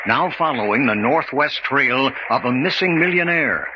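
A male radio announcer narrating a vintage drama with measured, dramatic delivery. His mid-pitched voice sits in a dull, lo-fi recording with clear hiss underneath. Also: animated. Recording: noisy lo-fi old radio recording.

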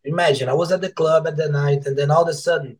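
An animated, rambling man telling stories on a podcast. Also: fairly high pitch, fast talker, low-quality recording. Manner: animated, swears freely, acts out quotes of coworkers and customers; loose, rambling phrasing with restarts. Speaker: podcast guest, author. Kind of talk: casual storytelling interview.

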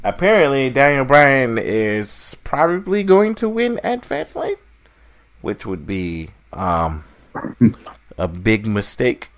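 A man co-hosting a podcast in casual chat, blunt and animated, swearing freely. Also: mid-range voice, slow pace. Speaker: podcast co-host.

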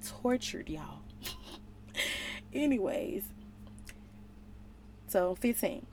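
A young woman leading a casual Bible study, reading scripture aloud and retelling it in playful, slangy, animated asides. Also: medium pitch, drawn-out words, vocal fry, a little hiss or hum. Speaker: relationship vlogger.

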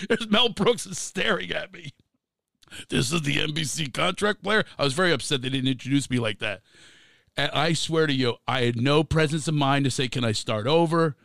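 A middle-aged man, a comedian guest on a podcast, telling an animated anecdote and laughing between lines. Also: a little high, normal speed, no room sound, clean studio sound. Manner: animated, acts out voices, laughs through his lines.

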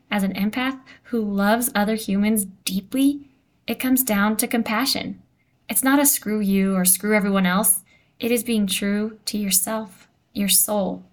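A woman's voice: medium pitch, no echo. A woman hosting an interview podcast, responding with effusive, empathetic reflections and questions. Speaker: podcast host. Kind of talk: interview conversation.

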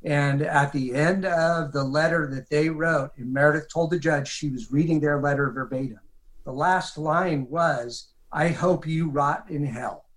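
The recording is rough, and the man's fairly high voice keeps a measured pace. A detective being interviewed, he tells the story of a case in an animated way, quoting others in vivid detail.

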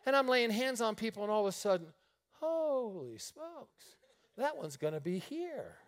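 Male pastor, high voice that leaps all over, animated story-driven sermon. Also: brisk. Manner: animated storytelling with frequent laughter.

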